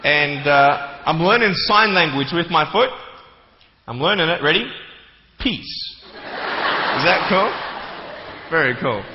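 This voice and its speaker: Animated and measured, with frequent pauses, a young man with a highish voice gives a humorous motivational talk to a live crowd in a big hall, acting out small scenes. There's slight background noise, echo, and a somewhat dull sound.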